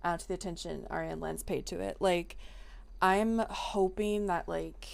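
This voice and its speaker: A young adult woman streaming, chatting casually and playfully to her viewers with sudden excited outbursts. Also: lowish voice, moderate pace, gravelly, no room sound.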